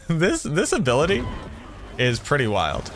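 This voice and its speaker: A man's voice: medium pitch, animated, fairly quick, bright, forceful tone, faint music behind. A man from the Boston area streaming a game, thinking aloud and chatting with viewers as he plays. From Boston area, USA. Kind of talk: live-stream gameplay commentary.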